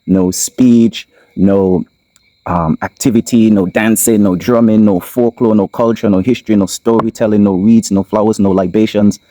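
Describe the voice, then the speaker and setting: A man with a Kittitian accent hosting his own channel, giving impassioned solo commentary, repeating his points and slowing down to stress them. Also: on the low side, steady tone, warm tone, no room sound, low-quality recording. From Saint Kitts. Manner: emphatic, repeats lines, slows for stress. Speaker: channel host. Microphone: camera mic.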